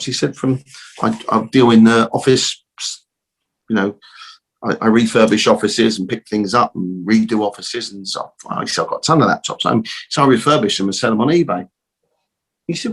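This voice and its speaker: Middle-aged bloke, low husky voice, rambly storytelling, says bloody a lot. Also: male voice, fast, fairly bright tone. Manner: rambling, repeats words, swears mildly. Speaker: guest, optical shop owner. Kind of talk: casual storytelling interview.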